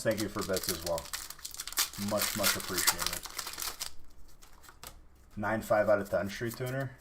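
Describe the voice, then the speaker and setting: A man casually chatting on a live stream while opening card packs, teasing and thanking viewers. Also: fairly low pitch.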